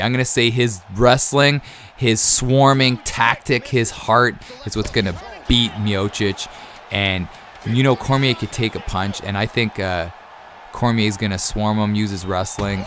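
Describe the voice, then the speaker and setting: A man in his thirties answering viewer questions in a rambling, easily excited way with many fillers. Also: lowish voice, a little hiss or hum. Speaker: YouTube gaming creator. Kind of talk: casual Q&A over gameplay.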